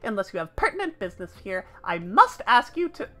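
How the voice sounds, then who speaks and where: A woman's voice: mid-range voice, sing-song, brisk, a bit bright, soft background music. A woman voicing a tiny, chipper, formal female receptionist with a prim, overly polite way of speaking.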